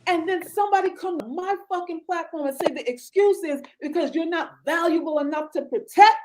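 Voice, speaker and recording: A woman's voice: extremely high pitch, a little fast, a little mellow, low-quality recording. A woman delivering an impassioned, profane rant full of rhetorical questions. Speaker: commentator in a played clip.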